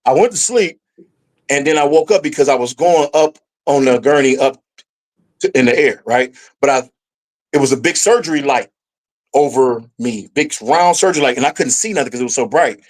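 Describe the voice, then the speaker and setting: A man's voice: moderate pace, low-quality recording. A middle-aged man, a podcast guest, telling a personal story in casual conversation, and his voice jumps up when he acts out what he said at the time. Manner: animated storyteller, voices his past self rising in pitch.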